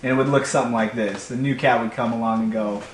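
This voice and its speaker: A man telling a comic personal story in an animated, playful way, recorded in an echoey room. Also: medium pitch, fast. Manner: animated, playful, builds to shouts. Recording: echoey room, faint hum.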